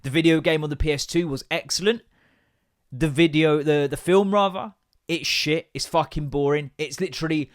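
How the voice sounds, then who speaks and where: A man's voice: fairly high pitch, normal speed, fairly bright tone, no room sound. A man in his thirties rants through a comedy podcast, sweary and exasperated. He sounds close up in a dry, dead room and keeps swinging into mocking voices. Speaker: podcast host. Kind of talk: comic rant.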